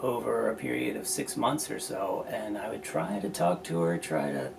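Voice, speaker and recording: Male playwright guest, low gravelly voice, reflective, recorded off-mic with background noise. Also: expressive, moderate pace, distant mic. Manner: reflective, thoughtful storyteller. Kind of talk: casual conversation.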